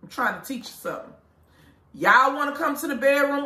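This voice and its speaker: A high, bright-voiced woman owns a lingerie shop and pitches her products live to customers. She talks bluntly, swears freely and preaches a little between the prices. The sound is roomy and echoey, as if taken inside the shop. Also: lively intonation, quick pace. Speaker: lingerie store owner.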